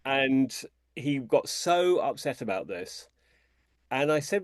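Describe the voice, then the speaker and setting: A British man, an author guest in an interview, who tells lively anecdotes and talks in a chatty, conversational way. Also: takes it slowly, no room sound, clean studio sound. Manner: animated storyteller, imitates people in a high voice.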